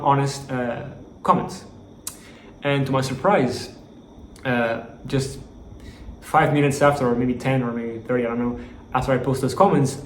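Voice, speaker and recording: A man's voice: medium pitch, a little mellow, a little hiss or hum. A man giving a casual, rambling vlog update as a startup founder, with lots of fillers and restarts. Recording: roomy echo, faint background ambience.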